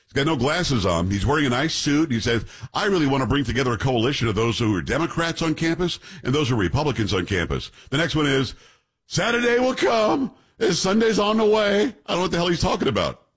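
Husky man giving blunt commentary. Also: mid-range voice, sing-song, quick pace. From New York. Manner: blunt, scornful commentary with many rhetorical asides. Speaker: show host. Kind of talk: opinion commentary.

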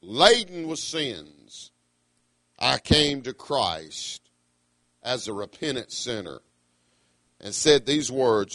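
A middle-aged man, preaching a sermon emphatically, breaking into high cries of hallelujah. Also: big pitch swings, slow pace, pauses often, fairly bright tone, dry recording. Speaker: pastor.

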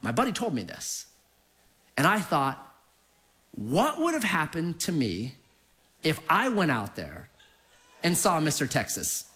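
A man's voice: a little high, unhurried, long pauses. A middle-aged male pastor giving a sermon, telling stories with acted-out quotes. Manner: animated storytelling with acted quotes.

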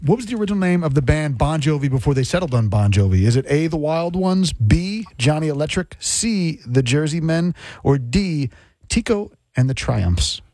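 A man's voice: on the high side, animated, normal speed, warm tone, no echo. A man cohosting a radio show, reading out trivia questions and answer options.

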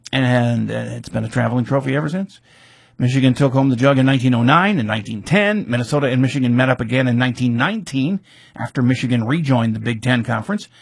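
A man's voice: mid-range voice, brisk, creaky, husky, no echo. A man recapping a football rivalry's history in casual talk, reading facts with offhand asides and fillers.

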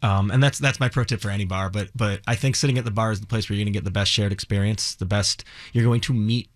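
A man from Cleveland who owns a bar, talking earnestly and quickly as a guest in a radio studio, often restarting his sentences. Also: on the low side, steady tone. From Cleveland, Ohio. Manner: earnest, fast, with many restarts. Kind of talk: casual interview.

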